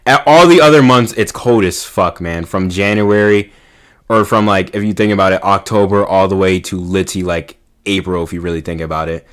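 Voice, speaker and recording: A young man, rambling casually to the camera, full of fillers and swearing, dropping to a mumble and then rising to loud exclaiming. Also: low-pitched, fairly quick, smooth. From New York. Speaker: vlogger.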